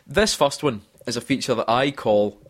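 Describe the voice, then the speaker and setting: A man's voice: medium pitch, normal speed. A man co-hosting a casual gaming podcast, joking and swearing, often laughing at his own bits. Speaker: podcast co-host. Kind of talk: casual chat.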